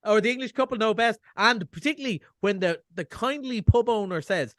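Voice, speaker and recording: High-voiced chatty Irish man. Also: expressive, fairly quick, fairly bright tone, dry recording, clean studio sound. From Ireland. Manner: chatty, wry and self-mocking. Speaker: film reviewer. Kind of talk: casual radio chat. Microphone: video call.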